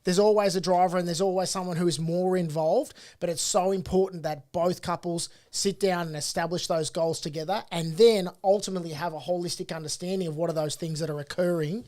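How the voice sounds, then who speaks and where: An Australian man with a high-pitched voice speaks in a studio podcast. He is earnest and emphatic, restarting phrases as he drives his advice home, with the odd swear word. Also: steady tone, a little fast, few pauses, darkish tone. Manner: earnest and emphatic, repeats himself. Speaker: property coach and co-host. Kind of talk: casual studio podcast chat.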